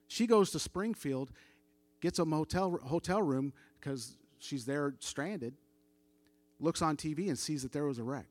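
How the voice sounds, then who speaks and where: A man's voice: a little high, unhurried, no room sound. A middle-aged man telling a story as a church testimony, casual and conversational, acting out the dialogue of the people he quotes. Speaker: church member giving testimony.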